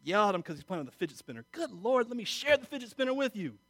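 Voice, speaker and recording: A middle-aged man preaching a sermon, emotional, moving from quiet confiding talk to loud exhortation. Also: high-pitched, sing-song, fast, dry recording. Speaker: pastor.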